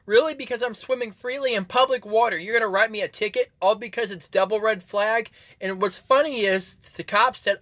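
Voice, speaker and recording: A man's voice: sits high, fairly quick, few pauses, bright, forceful tone, dry recording. A man in his twenties from Florida, angrily ranting to a phone camera in a repetitive, swearing manner. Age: 20s. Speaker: vlogger. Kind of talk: angry personal rant to camera.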